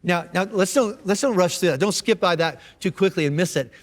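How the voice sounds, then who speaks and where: A male pastor preaches in a casual, talky way and often restarts his phrases. His voice sits high for a man. It carries a long reverb from a large church hall. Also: fairly quick. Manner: casual, conversational, repeats words. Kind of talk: sermon. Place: church auditorium.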